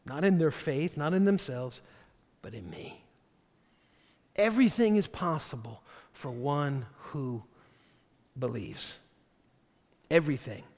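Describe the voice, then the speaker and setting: A man preaching a sermon as pastor, animated and acting out the voices of the figures he quotes. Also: a little high, a little slow. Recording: long hall reverb.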